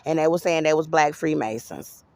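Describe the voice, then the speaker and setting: A woman's voice: sits low, moderate pace, a little mellow, dry recording. A woman giving an agitated, rambling personal monologue to camera, swearing freely. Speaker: vlogger.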